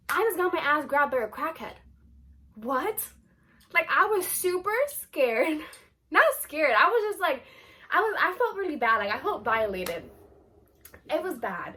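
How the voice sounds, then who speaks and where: A young adult woman telling a personal story in a casual, animated vlog style, full of "like" and asides. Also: high voice. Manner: chatty, animated, filler-heavy with lots of "like". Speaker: vlogger.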